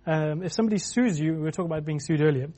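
A man's voice: on the high side, racing, warm tone. A man preaching a sermon in a loose, conversational way, with many restarts and filler words.

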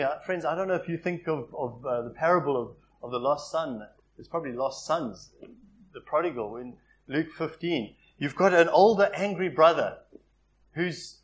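A man preaching to his congregation in a somewhat high voice. He pushes his volume up for emphasis and then pulls back to soft, confiding asides. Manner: expressive, rises loud for emphasis and drops to soft asides. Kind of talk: sermon.

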